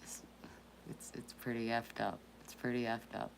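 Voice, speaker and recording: A woman talking quietly and emotionally in a personal vlog, hesitant and stopping to restart. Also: a bass voice, flat delivery, normal speed, creaky, in a whisper. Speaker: vlogger.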